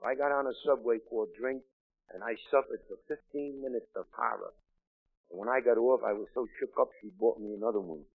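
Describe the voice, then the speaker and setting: A man, gruff and wisecracking, telling his own story as a speaker at a recovery meeting. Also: medium pitch, fairly quick, dry recording, soft background music. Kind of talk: storytelling talk to an audience. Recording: tinny, dry, phone-like old recording.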